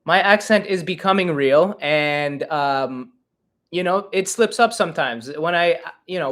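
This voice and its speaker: A man's voice: on the high side, lively intonation, a little slow, a bit bright. A man in his twenties from Canada, a comedian rambling and joking his way through a casual livestream Q&A. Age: 20s. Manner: rambling, joking, self-deprecating. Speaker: comedian and podcast host.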